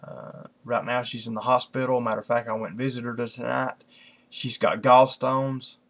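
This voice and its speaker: A man with a gravelly, mid-pitched voice chats casually at his computer before a Bible reading. He rambles and leans on fillers like "you know" and "kinda". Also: fairly even intonation, moderate pace, fairly bright tone. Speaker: lay preacher hosting an online Bible study. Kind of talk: casual chat then scripture reading.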